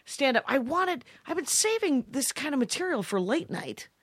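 A woman's voice: sits high, very animated, normal speed, fairly bright tone, no echo, studio quality. Wry, chatty woman comic on a podcast. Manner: chatty, wry, laughs often. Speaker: podcast co-host, comedian. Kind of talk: casual chat.

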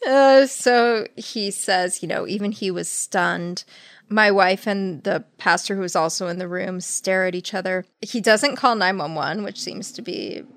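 A woman's voice: mid-range voice, a little slow, dry recording, studio quality. A woman co-hosting a podcast, reading book passages aloud and telling the story with wry humor. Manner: wry, animated storyteller who laughs often. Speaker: podcast co-host. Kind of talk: casual chat, reading book excerpts aloud.

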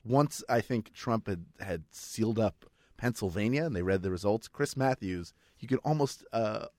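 A man's voice: fairly low pitch, expressive, moderate pace, darkish tone, no echo, clean studio sound. A man from the United States, a comedy panel guest, telling stories and laughing often. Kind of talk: casual comedy panel chat.

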